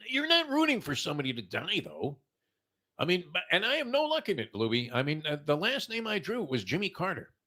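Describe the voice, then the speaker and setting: Bright-voiced older man rambling on. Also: on the high side, huge pitch swings, a little fast. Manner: rambling storyteller, heavy "uh" fillers. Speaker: morning show host. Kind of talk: casual sports talk.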